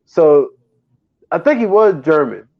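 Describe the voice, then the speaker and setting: A man's voice: a little high, unhurried, muffled recording. A man co-hosting a casual podcast, retelling a comedy film scene by scene with lots of laughter and acted-out quotes. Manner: animated storytelling, laughs often, acts out quotes. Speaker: podcast co-host. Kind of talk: casual movie recap chat.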